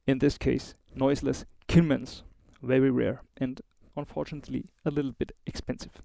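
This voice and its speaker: Male host, German accent, relaxed chatty gear reviewer; gravelly, dark tone, dry close sound. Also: medium pitch, moderate pace, no echo. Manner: chatty, informal, with small asides and fillers. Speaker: host of a guitar review show.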